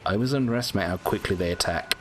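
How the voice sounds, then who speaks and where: A man's voice: sits low, very fast, music in the background. A British man giving casual gameplay commentary, chatty and prone to frustrated swearing. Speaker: gameplay streamer.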